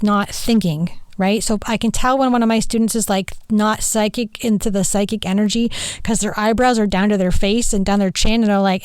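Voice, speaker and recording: A woman's voice: medium pitch, darkish tone, clean tone, no echo. A middle-aged woman, hosting a podcast in a casual, rambling monologue full of "like" and "right?". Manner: chatty, rambling, with frequent "like" and "right?". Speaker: podcast host and spirit mentor.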